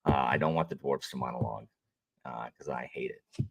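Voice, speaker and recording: Very deep, gravelly, and a bit breathy, this man talks briskly as he hosts a livestream. An audiobook narrator by trade, he greets viewers and rambles about his current reading with plenty of fillers and false starts.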